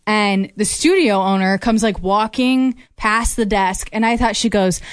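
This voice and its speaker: A woman's voice: medium pitch, brisk, no echo. Chatty woman co-hosting radio, dry sound. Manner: chatty storyteller, laughs easily. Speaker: radio co-host. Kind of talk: casual radio chat.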